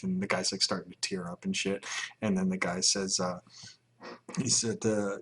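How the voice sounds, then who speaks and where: A man's voice: low voice, level tone, normal speed, a bit bright. A man chatting casually on a livestream, answering questions from chat in a rambling, profane way and laughing often.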